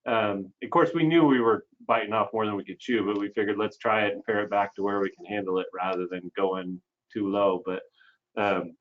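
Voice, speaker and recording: A man on a sheep ranch panel talking in a relaxed, rambling way with plenty of fillers, heard over a video call. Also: fairly low pitch, brisk. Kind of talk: casual panel talk. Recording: muffled video call audio.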